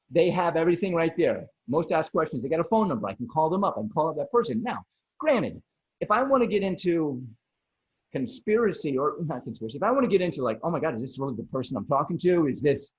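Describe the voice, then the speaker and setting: A fairly high-voiced man with a husky edge, talking in a loose, animated way full of restarts. His pitch jumps around a lot as he thinks out loud. The sound comes through a dull, lo-fi video call mic. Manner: rambling, many restarts, animated. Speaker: podcast host. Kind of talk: casual chat over video call.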